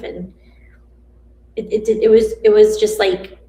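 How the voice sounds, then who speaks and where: Woman, life coach, mother, gravelly vocal fry, rambling reflective chat, echoey room. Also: mid-range voice, flat delivery, a little slow, warm tone. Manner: rambling, reflective, trails off and restarts. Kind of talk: casual reflective live-stream chat. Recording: roomy echo.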